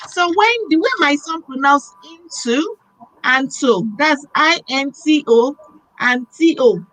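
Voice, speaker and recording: A woman hosting a talk show, telling a personal story in a lively, emotional way. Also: high voice, low-quality recording. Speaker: host. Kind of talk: casual interview chat.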